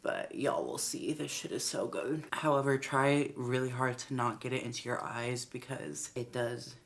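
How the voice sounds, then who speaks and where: A woman's voice: extremely low pitch, moderate pace. A young woman chatting candidly in a casual vlog, swearing freely as she talks. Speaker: vlogger, pro bodybuilder.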